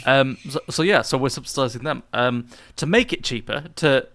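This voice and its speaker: A man co-hosting a podcast in casual chat, rambling and halting with many restarts. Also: medium pitch, fairly bright tone, no room sound. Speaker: podcast co-host.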